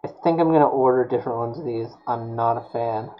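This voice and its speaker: A man's voice: medium pitch, quick pace, highs cut off, slight background noise. A man streaming while he builds a prop, talking casually and muttering to himself, with mild self-scolding as things go wrong.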